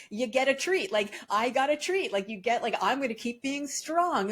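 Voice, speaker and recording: A woman in her fifties, a podcast guest talking in a casual, animated way, laughing often and restarting sentences. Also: on the high side. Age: 50s. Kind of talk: casual interview chat.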